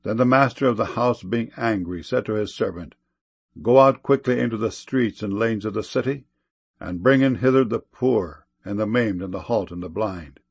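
A man reading old-style Bible verses in a measured, solemn delivery. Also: lowish voice, gravelly, slightly rough. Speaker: scripture reader.

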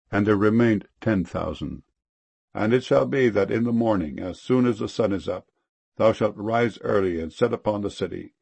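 A man reading archaic scripture verses aloud in a steady, measured way. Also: lowish voice, creaky, breathy edge, dry recording.

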